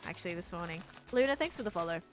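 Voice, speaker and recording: A woman's voice: fairly low pitch, animated, racing, faint music behind. An Australian woman chatting on a live game stream, thinking aloud as she builds and answers her chat.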